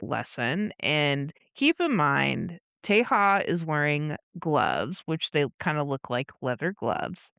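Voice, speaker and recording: A woman co-host talks unhurriedly through a comic recap in relaxed, casual chat, laughing and swearing freely. Her voice is smooth and clear with a close, dry sound. She keeps an animated storytelling manner. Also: low voice, slow pace, hardly any pauses, no echo. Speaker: podcast co-host.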